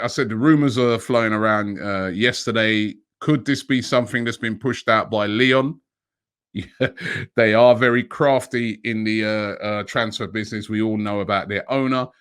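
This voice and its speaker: A man's voice: fairly low pitch, a bit bright. A middle-aged man hosting a daily football transfer news show, talking to camera in a chatty way, thinking aloud and asking himself rhetorical questions.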